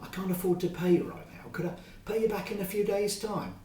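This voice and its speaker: A man's voice: high voice, fairly even intonation, fairly quick, mellow, distant mic, voice pushed up, lightly acted. A man voicing a timid, stammering man who apologizes, heard in a roomy space. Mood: nervous. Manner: stammering, nervous.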